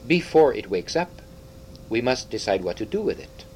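A man reading aloud, voicing a kind old male talking badger with a husky, earthy voice. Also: medium pitch, very animated, moderate pace, darkish tone, a little hiss or hum, rough recording. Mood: gentle.

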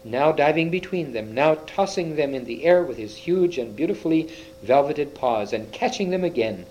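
A man's voice: on the high side, animated, moderate pace, darkish tone, a little hiss or hum, rough recording. A man reading a children's fantasy book aloud, with small slips and restarts. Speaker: reader.

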